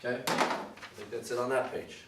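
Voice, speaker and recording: A male math teacher talks through trig problems in a relaxed, repetitive way, checking in with "okay?" after each step. His voice sits at an ordinary pitch and comes across a bit distant from the mic. The room is echoey, with clear background noise. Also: a little fast. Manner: casual, repetitive "okay, all right" checks. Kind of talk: recorded math lesson walkthrough.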